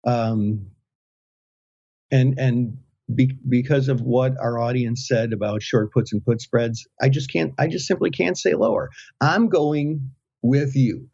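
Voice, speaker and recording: A male podcast co-host with a husky, mellow voice that rambles and circles back on itself. He hesitates and restarts often while thinking aloud. The recording is dull and lo-fi. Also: mid-range voice. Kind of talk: casual podcast chat. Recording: dull lo-fi sound.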